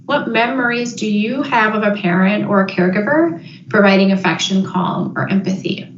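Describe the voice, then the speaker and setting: Woman doing a parenting webinar, thinks out loud with lots of ums, kinda dull roomy audio, faint hiss. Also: medium pitch, animated, normal speed. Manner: thoughtful, with frequent ums and restarts. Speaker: parenting educator. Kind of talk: webinar presentation.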